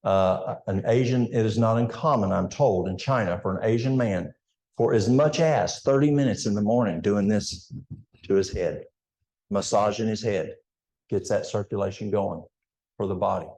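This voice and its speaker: Addressing his church audience directly, an older health educator with an East Tennessee Appalachian accent delivers a folksy seminar talk. He speaks at normal speed in a lowish, darkish voice, recorded with a roomy sound.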